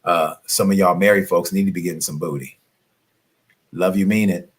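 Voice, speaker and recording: A middle-aged man coaching on relationships in a late-night live stream, animated and preachy, scolding his viewers playfully and laughing often. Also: low-pitched, normal speed, slightly rough. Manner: fumbles with his phone while reading comments.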